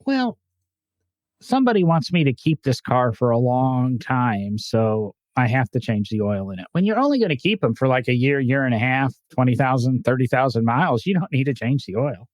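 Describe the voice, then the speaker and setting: A man's voice: medium pitch, sing-song, normal speed, no echo. A man co-hosting a casual car podcast, chatting in a rambling, joking way. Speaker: podcast co-host. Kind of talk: casual chat.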